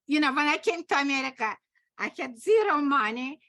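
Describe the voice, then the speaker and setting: A woman from Russia with a Russian accent, an acting teacher telling stories in halting English and laughing often. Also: high voice, lively intonation, a bit bright. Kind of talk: conversational storytelling.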